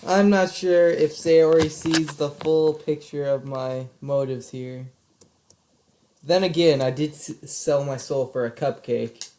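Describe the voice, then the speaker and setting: A man reading a visual novel's lines aloud and chatting casually, with halting restarts. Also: a little high, mellow, slight background noise. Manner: slow, halting, laughs often. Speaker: let's play co-commentator. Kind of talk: casual game commentary.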